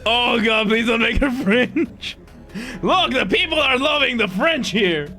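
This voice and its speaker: Animated man streaming a game. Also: very high-pitched, unhurried, soft background music. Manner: animated, joking, exclaims often. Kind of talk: reading a game's story aloud on stream.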